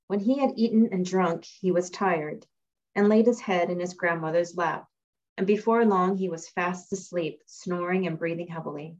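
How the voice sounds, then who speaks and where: A woman reading a fairy tale aloud in a measured storytelling manner. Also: on the low side, a little mellow. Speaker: reader. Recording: dull lo-fi recording.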